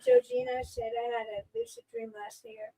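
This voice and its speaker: A woman co-hosting a live stream who reads out viewer messages and pushes back in a dry, deadpan way. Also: extremely high pitch, moderate pace, vocal fry, low-quality recording. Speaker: co-host reading viewer messages.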